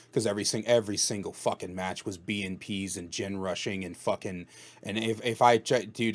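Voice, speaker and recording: A man hosting a casual gaming podcast, talking bluntly and swearing freely as he chats with his guest. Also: on the low side. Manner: blunt, swears freely, says "dude" and "bro". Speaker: host interviewing a guest.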